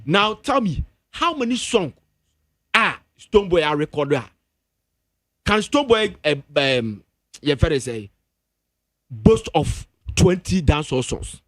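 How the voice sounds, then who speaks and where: A Ghanaian music pundit on radio, pressing his point again and again. His voice sits high and leaps about. It is recorded close and dry in the studio. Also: very animated, slow, pauses often, a bit bright, no echo. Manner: emphatic, insistent, repeats himself to hold the floor. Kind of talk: heated entertainment-show debate.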